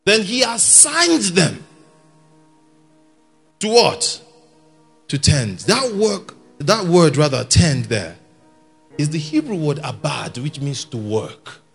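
A man, preaching a sermon in an animated way, shouting his key points and laughing along with the congregation. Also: a little high, slow, gravelly, long pauses, slightly rough, soft background music. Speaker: guest preacher. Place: church hall with an audience.

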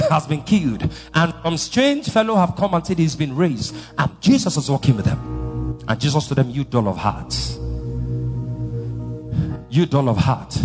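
A man preaching a sermon, fervent and emphatic, repeating key phrases for emphasis. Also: mid-range voice. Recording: long reverb of a large hall, with faint music.

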